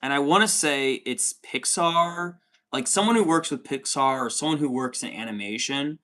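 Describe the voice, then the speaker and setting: A man's voice: mid-range voice, moderate pace, pushed and bright. A man in his thirties hosting a livestream, chatting casually and swearing often while reading out chat comments. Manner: profane, rambling, says dude a lot.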